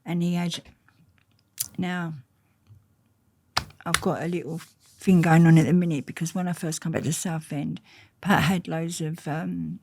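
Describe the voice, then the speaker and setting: Unhurried and gravelly, a woman on the low side of the pitch range recounts stories during an interview. Her delivery is animated, with blunt, slangy phrasing.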